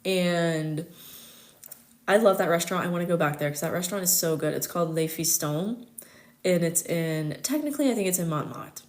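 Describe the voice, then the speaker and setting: Brisk and lowish-voiced, a young American woman runs a casual astrology livestream chat. She giggles a lot and fills her talk with fillers.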